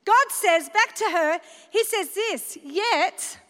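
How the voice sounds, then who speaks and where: High-voiced woman preaching in a hall. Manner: earnest, warm preaching with slowed emphatic readings. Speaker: women's conference speaker. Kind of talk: sermon. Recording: echoey hall with long reverb.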